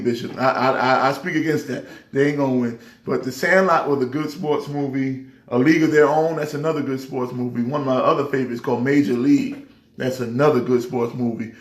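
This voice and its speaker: A pastor hosting a casual sports vlog, talking emphatically and rambling through his trash talk. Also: medium pitch. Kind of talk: casual sports chat to camera. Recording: echoey room.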